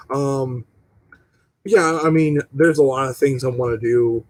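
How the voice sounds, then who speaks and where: Young man, casual rant, heavy swearing, pitch leaps when riled, mid-range voice. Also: unhurried. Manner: profane, animated, jumps pitch when exasperated. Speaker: channel host.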